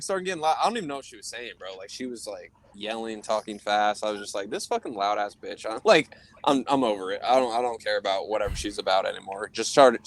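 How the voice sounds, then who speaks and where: A young man co-hosting a podcast, telling a rambling, profane story in casual chat and laughing often. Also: on the low side. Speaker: podcast co-host.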